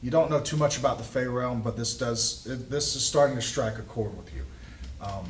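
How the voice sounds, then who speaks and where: A man narrating as game master in a tabletop game, halting and full of ums and restarts. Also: medium pitch, slight background noise. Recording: echoey room, mic far off.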